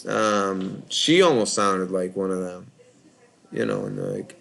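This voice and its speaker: Tired Boston-accented male call-in host, low and gravelly, loose rambling delivery. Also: moderate pace. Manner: rambling, filler-heavy, lots of "like". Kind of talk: casual live call-in chat.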